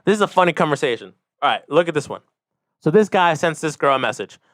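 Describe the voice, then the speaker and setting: A man in his twenties from Mexico hosts a casual solo rant podcast, talking fast and rambling with lots of asides. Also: a little high, expressive, a bit bright, no echo, clean studio sound. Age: 20s. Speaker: podcast host.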